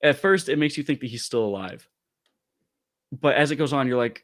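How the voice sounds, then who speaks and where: A man co-hosting a casual podcast, retelling a story in an animated way with loose asides. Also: mid-range voice, normal speed. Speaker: podcast co-host reviewing comics.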